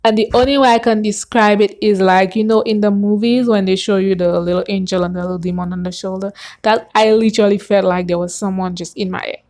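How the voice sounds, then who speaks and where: A woman telling her personal faith testimony in an earnest, animated way, gasping and acting out what she said back then. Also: medium pitch, fast talker. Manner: earnest and animated, with gasps and acted-out quotes.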